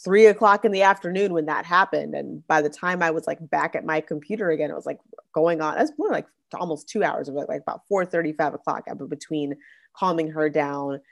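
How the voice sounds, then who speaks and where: Young woman host, relaxed talky delivery with filler-heavy restarts, voice sitting slightly low. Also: a little fast, gravelly. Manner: chatty, many "like" fillers and restarts. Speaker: podcast host. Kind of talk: casual faith-based parenting monologue.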